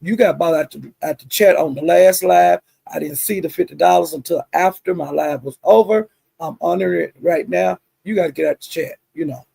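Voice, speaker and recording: Woman, livestream host, gossip storytelling, husky, gravelly, chatty asides, dry close sound. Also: on the low side, brisk, no echo. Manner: chatty, animated retelling with frequent asides and cussing.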